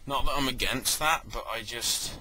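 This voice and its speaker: Rambling man with a very bright voice. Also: mid-range voice, normal speed, slight background noise, low-quality recording. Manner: rambling, self-correcting, jokey asides. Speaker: wrestling event reviewer. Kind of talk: casual spoken review.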